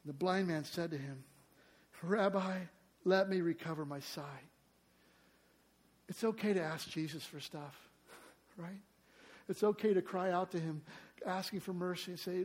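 A man preaching a sermon in a high, bright-sounding register. He is emphatic, and he leans on rhetorical questions to the congregation. He acts out quoted cries with sudden loud bursts. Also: unhurried, pauses often. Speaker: pastor.

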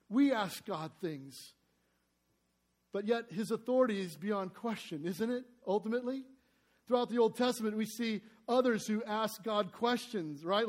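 A male preacher delivering a sermon, earnest, asking the congregation rhetorical questions and reading scripture aloud with emphasis. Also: high-pitched.

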